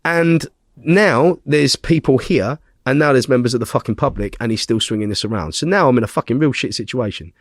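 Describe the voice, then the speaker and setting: Talking fairly quickly in a mid-range voice, a man on a podcast tells a story in casual conversation. His retelling is animated and blunt, full of constant swearing, and he keeps checking in with tag questions. The recording is studio quality with no echo.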